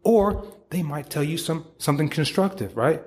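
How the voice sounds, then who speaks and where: A man's voice: a little high, normal speed, a little mellow. A man hosting a podcast, giving a casual, profane motivational monologue and acting out quoted voices. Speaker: podcast host.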